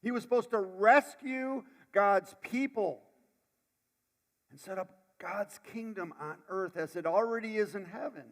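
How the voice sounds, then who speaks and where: A man's voice: sits high, unhurried. Man, pastor, sermon, dramatic swings in volume, restarts words, long church reverb. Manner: dramatic, swinging from loud to hushed, repeats words. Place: church sanctuary.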